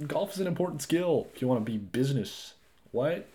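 A young man hosting his own podcast, chatting loosely and rambling, with frequent swearing and lively asides. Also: fairly high pitch, a little fast. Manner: rambling, profane, animated asides. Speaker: podcast host. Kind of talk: casual solo podcast chat.

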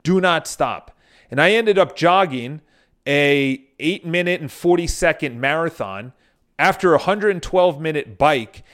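A man with a somewhat high voice talks straight to his viewers in a casual motivational monologue. He tells stories loosely, restarting often and dropping in the odd swear word. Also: expressive, a little slow, fairly bright tone. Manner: addresses viewers directly. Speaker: motivational speaker.

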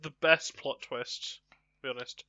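Bright, sharp-sounding man with dry quips. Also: medium pitch, steady tone, measured pace, no room sound, muffled recording. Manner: dry, quippy interjections. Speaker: listener joining in the story. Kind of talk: casual banter.

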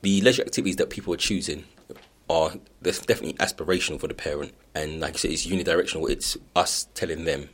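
A man's voice: rumbling low, fairly even intonation, fast. A man hosting a conversational interview, chatty and giving frequent affirming murmurs. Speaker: podcast host.

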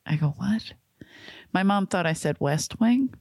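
A woman in her forties in casual talk, telling lively stories and laughing often. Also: lowish voice, normal speed, dry recording. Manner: animated storyteller, laughs often. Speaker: guest. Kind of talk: casual chat.

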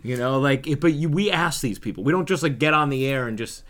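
A man's voice: mid-range voice, fast talker, a bit bright. A man who works as a play-by-play announcer, chatting casually and readily agreeing. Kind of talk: casual chat.

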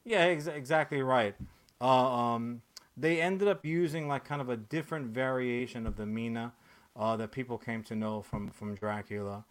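A man's voice: mid-range voice, moderate pace. A man hosting a podcast in casual chat, ranting with lots of swearing and filler words. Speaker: podcast host.

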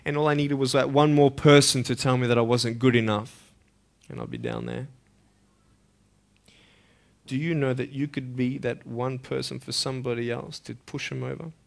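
A man giving a motivational speech to a school audience, impassioned, firing rhetorical questions and swinging between loud urging and hushed intensity. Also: mid-range voice, steady tone, moderate pace, creaky, pauses often. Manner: direct rhetorical questions to listeners. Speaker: motivational speaker.

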